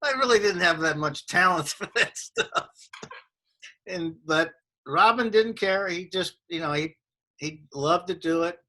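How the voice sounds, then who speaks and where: Bright-voiced comedian telling stories. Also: male voice, high-pitched, unhurried. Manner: animated anecdotal storyteller. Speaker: comedian guest. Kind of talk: casual interview storytelling.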